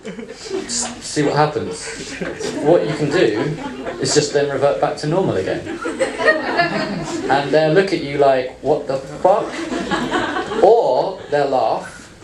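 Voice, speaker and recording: A man's voice: on the high side, measured pace, long pauses, a loud crowd. A man in his thirties giving a live panel talk, blunt and playful, swearing freely. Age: 30s. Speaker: panel speaker. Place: event room with audience. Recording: echoey room, faint ambience.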